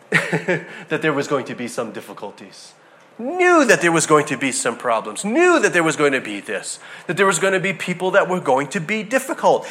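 A middle-aged man preaching a sermon, telling a personal story in a conversational, animated way with frequent restarts. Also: fairly high pitch, moderate pace. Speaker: pastor.

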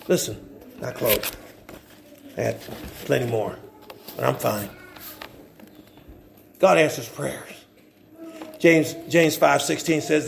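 Male preacher, high voice with a gravelly edge, stumbling restarts, call-and-response sermon.

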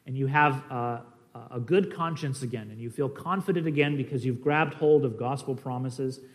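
Guy preaching a bible teaching, kinda high voice, earnest and chatty, lots of ums and restarts, goes loud then quiet. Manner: earnest, conversational, with fillers and restarts; swings between emphatic and quiet. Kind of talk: sermon-style Bible teaching.

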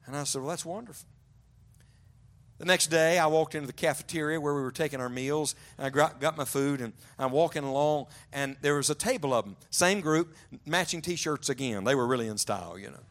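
A man preaching a storytelling sermon in a conference service. His voice sits a little high, and he often drops to a hushed, low tone for emphasis. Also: fairly quick, hardly any pauses. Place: large church auditorium.

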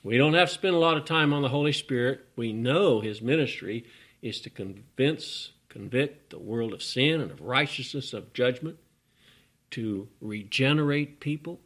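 A man's voice: medium pitch, normal speed, a bit bright. A man preaching a folksy, emphatic sermon, with sudden rising bursts.

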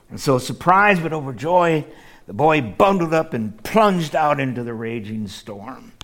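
Man, middle-aged pastor, preaching a sermon, from the Midwest, very animated pitch, loud emphasis dropping to near-whispers. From American Midwest. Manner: addresses the congregation directly.

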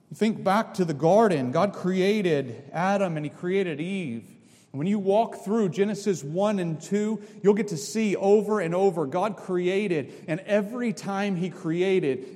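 A middle-aged male pastor delivering a sermon, emphatic, with sudden swings between loud and soft. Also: high-pitched, a little slow. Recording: long reverb of a large hall.

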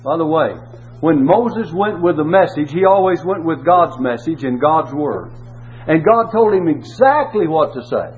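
A man's voice: on the high side, lively intonation, a little slow. A man preaching a sermon and reading scripture, emphatic, repeating key words and asking rhetorical questions. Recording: tinny phone-like audio with faint hum.

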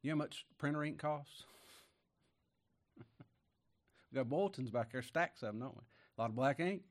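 With lively intonation and a moderate pace, a medium-pitched pastor delivers a sermon in a down-home, chatty style. He peppers the congregation with rhetorical questions, moving from loud emphasis to quiet asides.

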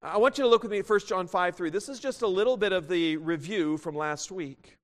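A man with a high voice preaches a sermon, working through scripture and breaking into the voices of the people he quotes. His words ring out with a long hall reverb behind them. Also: brisk. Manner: animated, acts out quoted voices.

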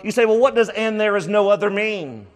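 A man's voice: sits high, brisk, in a large hall. A man preaching a sermon as pastor, emphatic and repeating key phrases for stress.

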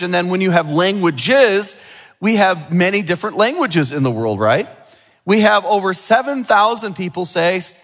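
A man's voice: high-pitched, fairly bright tone, big-room sound. A middle-aged male pastor giving a sermon with a children's object lesson, chatty and full of questions to the room. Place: church sanctuary.

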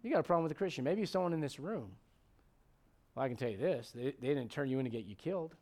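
A man's voice: mid-range voice, animated, fast, a little mellow. A male pastor preaching a conversational sermon to his congregation, emphatic and full of questions to the room. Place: church sanctuary.

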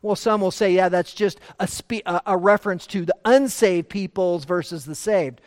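A man with a high voice preaches a verse-by-verse sermon to his congregation. He turns from quiet, confiding asides to forceful, emphatic points, and his words ring out with a long reverb, as in a large hall. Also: moderate pace. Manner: emphatic, shifts between hushed asides and forceful declarations. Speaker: pastor. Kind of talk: expository sermon.

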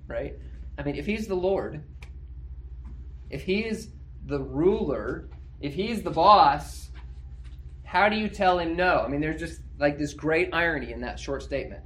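A man's voice: a little high, animated, measured pace. A male pastor preaching an expository sermon in a conversational way, often checking in with his listeners through rhetorical questions.

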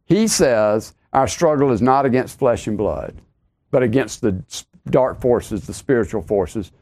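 A man's voice: medium pitch, animated, measured pace, a little mellow. A middle-aged man preaching a podcast sermon, emphatic, repeating his key lines and rising sharply on exclamations.

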